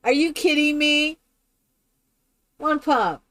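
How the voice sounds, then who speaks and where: A woman plays a game on a live stream, chatting casually with viewers in a rambling, exclamatory manner. Her voice is high-pitched and fairly bright, and she speaks slowly.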